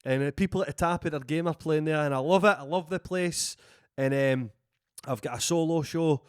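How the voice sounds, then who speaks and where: A man's voice: fairly high pitch, normal speed, clean tone, no room sound, clean studio sound. A young Scottish man, a stand-up comedian co-hosting a podcast, chatting in an easygoing, enthusiastic way. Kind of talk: casual chat.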